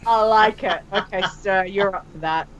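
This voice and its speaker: A woman co-hosting a casual gaming podcast, chatty and quick to laugh as she tells stories. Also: medium pitch. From Australia. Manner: chatty storyteller, laughs often. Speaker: podcast co-host. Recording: dull lo-fi voice call audio.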